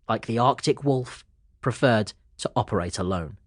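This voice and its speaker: A man narrating a children's audiobook in a lively storytelling manner. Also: mid-range voice, moderate pace, dry recording, clean studio sound.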